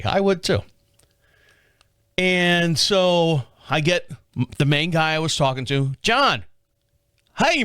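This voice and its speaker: A man's voice: a little high, fairly bright tone, no room sound, studio quality. Pria bercerita santai dengan suara agak tinggi, rekaman kering. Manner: chatty, acts out both sides of phone calls in rambling asides. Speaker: podcast host. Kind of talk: casual storytelling monologue.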